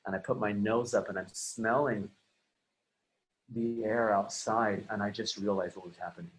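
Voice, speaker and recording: A man's voice: on the low side, steady tone, moderate pace, slight background noise, rough recording. A man speaking as a guest coach who tells a personal story earnestly and reflectively, often restarting his sentences. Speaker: guest, emotional and relationship coach.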